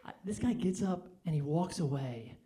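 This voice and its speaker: A young adult man doing a stand-up comedy set on a brewery stage, telling deadpan stories and later working the crowd loudly. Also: fairly high pitch, normal speed. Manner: deadpan storytelling, rising to loud crowd work. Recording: live audience laughter behind.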